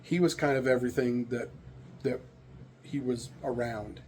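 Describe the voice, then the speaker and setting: A man's voice: medium pitch, fairly even intonation, normal speed, a little mellow, a little hiss or hum. A middle-aged American man telling stories and opinions in a rambling, candid casual monologue. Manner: rambling, candid storytelling with frequent fillers. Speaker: vlogger sharing opinions.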